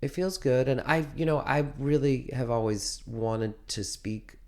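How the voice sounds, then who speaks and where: A man being interviewed, telling a long story in a rambling, animated way with many restarts. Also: mid-range voice, measured pace. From United States. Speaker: interviewed musician. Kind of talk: casual interview.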